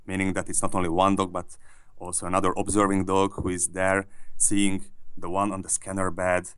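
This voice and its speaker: A man's voice: sits low, completely flat delivery, a little fast, fairly bright tone, clean tone. A man, a researcher guest in an interview, explaining his findings thoughtfully with frequent restarts and repeated words.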